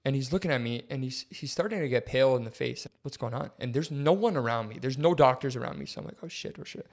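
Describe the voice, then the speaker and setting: A young man co-hosting a podcast, telling a story casually and acting out quotes with big jumps in his voice. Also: fast. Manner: animated, acts out quotes with big pitch jumps. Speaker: podcast co-host.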